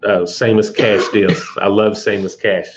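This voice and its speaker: A man with a fairly low voice hosts a loose live chat and answers viewers' comments in an easygoing way. The sound is dull and lo-fi. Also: slow, noisy background. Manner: relaxed, reads viewer comments aloud and answers them. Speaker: livestream host. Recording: dull lo-fi livestream audio.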